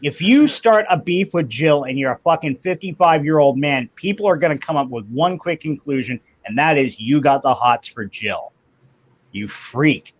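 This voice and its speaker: A man in his fifties hosting a livestream chat, telling a long profane story in a ranting, animated way. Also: on the high side, normal speed, no room sound. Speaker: livestream host. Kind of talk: casual chat. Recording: slightly muffled stream audio.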